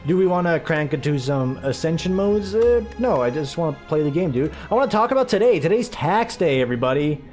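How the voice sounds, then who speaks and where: A man's voice: a little high, sing-song, a little fast, hardly any pauses, darkish tone, faint music behind. A man giving casual, rambling gameplay commentary full of sarcastic asides. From United States. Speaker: let's play gamer.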